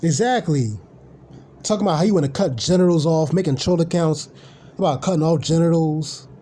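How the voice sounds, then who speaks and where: A man's voice: on the high side, fairly quick, dark tone. A man ranting casually on a live stream, blunt, profane and rambling.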